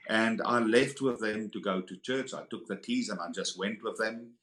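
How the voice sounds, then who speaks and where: A man telling his personal testimony as a podcast guest, earnest and animated, acting out the people he quotes. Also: lowish voice, moderate pace. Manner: earnest, acts out quoted voices in the story. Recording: echoey room.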